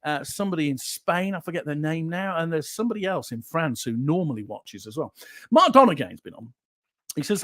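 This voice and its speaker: A man hosts a casual livestream and chats in a jokey way as he reads out viewer comments. His voice sits high and moves around a lot. The sound is dry and close. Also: sing-song, fairly quick, a bit bright, dry recording. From Yorkshire, England. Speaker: livestream show host.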